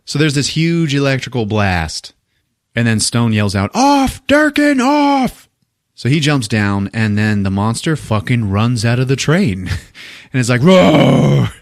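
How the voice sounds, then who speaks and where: This podcast host is a man with a mid-range voice who talks at a normal speed, animatedly recapping a movie with profanity and comic character voices. The studio-quality audio carries no room sound.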